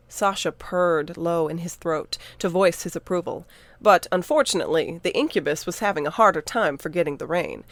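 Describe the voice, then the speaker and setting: A woman narrating her own audiobook in a steady, even storytelling manner. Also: lowish voice, dry recording. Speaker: narrator and author.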